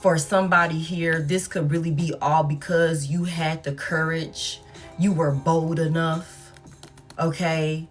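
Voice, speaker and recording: A woman's voice: low voice, level tone, measured pace. Chatty, foul-mouthed woman reading tarot. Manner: chatty, swears freely, talks straight to viewers. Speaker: tarot reader. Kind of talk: casual tarot reading to camera. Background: faint background music.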